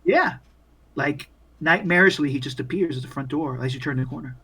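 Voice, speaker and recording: A man's voice: a little high, a little fast, sharp tone, slightly rough. A young man narrating a horror tabletop game as game master, in a loose, profane, filler-heavy way.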